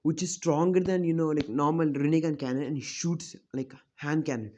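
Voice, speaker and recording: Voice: mid-range voice, steady tone, fairly quick, mellow. A fan storyteller casually narrating an anime what-if plot off the cuff, rambling with many fillers and self-corrections.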